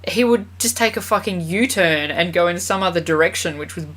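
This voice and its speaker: Lady cohost on a movie podcast, lowish voice, blunt, swears a lot. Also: fairly quick, fairly bright tone. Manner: blunt, swears freely, short agreeing interjections. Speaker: podcast co-host. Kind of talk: casual film review chat.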